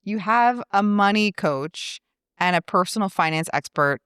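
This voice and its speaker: A woman's voice: mid-range voice, expressive, a little slow, fairly bright tone, clear, resonant tone, dry recording, clean studio sound. A woman in her thirties hosting a casual podcast chat as a money coach, laughing often and talking playfully. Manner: chatty, laughs often, playful mock voices.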